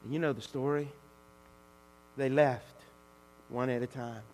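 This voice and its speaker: A man preaching a sermon as pastor, animated, swinging from hushed to shouting. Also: mid-range voice, a little slow. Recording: long hall reverb with mains hum.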